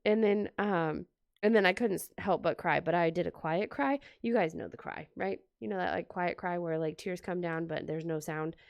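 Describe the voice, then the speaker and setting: With a lowish voice, vocal fry, and normal speed, a planner vlogger chats at home as she decorates her planner. She narrates a story, voices the quotes, and sprinkles in plenty of "like," with no echo on the recording.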